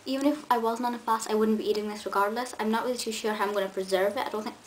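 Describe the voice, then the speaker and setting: A young woman vlogger chats eagerly to camera, her fairly high voice steady in tone but very fast, with many ums and restarts. The recording is low quality, with faint hiss.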